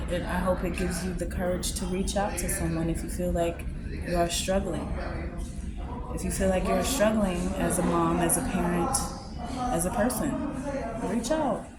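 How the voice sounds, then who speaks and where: A woman giving a candid, heartfelt personal message to camera, often halting and trailing off softly. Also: fairly low pitch, noisy background. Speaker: vlogger sharing a personal message. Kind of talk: emotional personal testimony to camera.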